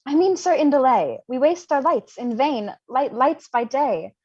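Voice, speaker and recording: A woman's voice: high voice, lively intonation, measured pace, a little mellow, husky, highs cut off, exaggerated voice. Mercutio, mocking young man, read by a woman. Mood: teasing. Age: young adult. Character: witty, mocking young male friend Mercutio. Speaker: volunteer reader. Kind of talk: unrehearsed livestream Shakespeare reading.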